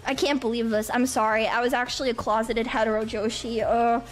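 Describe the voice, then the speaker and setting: A woman's voice: fairly high pitch, flat delivery, a little fast, soft background music. A woman in a comedy video, joking and self-mocking with stammering restarts. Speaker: video creator.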